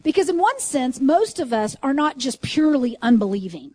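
A woman teaching a sermon in an earnest, conversational way, asking her listeners questions and reading scripture slowly with emphasis. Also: sits high, very animated, darkish tone, no echo. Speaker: Bible teacher.

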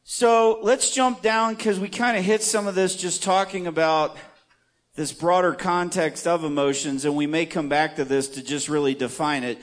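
A man's voice: fairly high pitch, fairly even intonation, normal speed, no echo. A man teaching an interactive church Bible study, asking the group questions in a conversational, emphatic way.

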